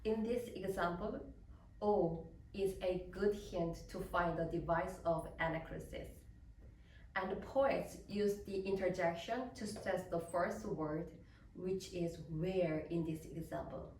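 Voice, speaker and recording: Slow, careful woman lecturer in a hall. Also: lowish voice, darkish tone, a little hiss or hum. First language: Korean. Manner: deliberate, explanatory, reading prepared notes. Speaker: soprano giving a lecture recital. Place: recital hall. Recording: roomy, echoey hall with distant mic.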